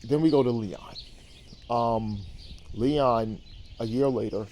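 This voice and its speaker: A man's voice: mid-range voice, slow, warm tone, a little hiss or hum. A man hosting a show, casually recapping a series in a rambling, profane way with lots of ums and repeated words.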